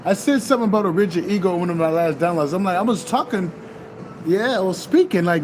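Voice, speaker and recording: A man's voice: sits high, animated, fast talker, background noise. A man giving a loose, casual spiritual pep talk, swearing freely and repeating himself as he urges listeners to keep an open heart. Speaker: spiritual vlogger.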